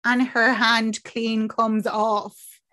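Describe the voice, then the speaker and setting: A young Irish woman co-hosts a podcast, chatting casually as she recaps a film, acting out lines and swearing freely in animated storytelling. Her voice is a little high, and she draws out her words.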